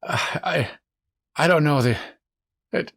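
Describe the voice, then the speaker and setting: A man's voice: a little high, slow pace, vocal fry, a bit bright, pitched above the performer's own voice, full character voice. A man voicing a rescued prisoner who stammers with urgency. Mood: urgent. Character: shaken rescued male prisoner, adult.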